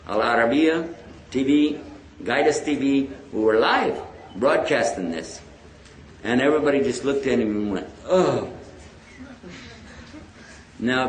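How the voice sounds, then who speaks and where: A man giving a storytelling lecture about his faith, acting out the dialogue of the people he talks about. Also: medium pitch. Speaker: Islamic lecturer. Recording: echoey hall.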